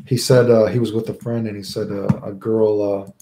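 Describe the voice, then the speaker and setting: A man's voice: fairly low pitch, flat delivery, moderate pace, echoey room, noisy background. A man chatting casually on a stream, rambling and answering viewer questions, often tagging "right?" onto his sentences. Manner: rambling, keeps adding "right?".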